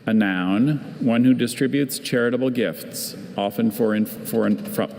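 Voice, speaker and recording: A man, the pronouncer at a spelling bee, reading definitions and word origins in a measured, patient way. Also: mid-range voice, gravelly, a little mellow. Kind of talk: reading word information aloud. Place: large competition hall. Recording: hall reverb, faint ambience.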